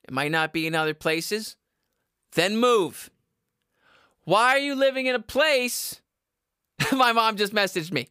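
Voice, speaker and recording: A young man hosting a comedy podcast, yelling and rambling through an unscripted monologue into a microphone in a basement. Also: sits high, animated, unhurried, long pauses, smooth, no room sound, clean studio sound. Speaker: podcast host. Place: home basement. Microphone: studio microphone.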